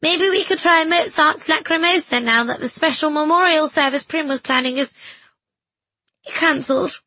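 A woman voicing an eager, encouraging village organist who calls out high and loud in an audiobook. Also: normal speed, no echo. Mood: earnest. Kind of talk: audiobook character voice.

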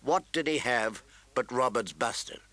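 Man, audiobook narrator, scripted fantasy narration, steady even read, bright voice, dry close mic. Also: medium pitch, a little slow, dry recording.

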